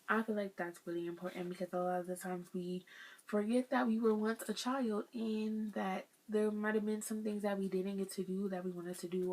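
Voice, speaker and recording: A woman's voice: mid-range voice, warm tone. A young woman, talking through life lessons to her viewers in a casual, earnest vlog and calling them y'all. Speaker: vlogger sharing life lessons.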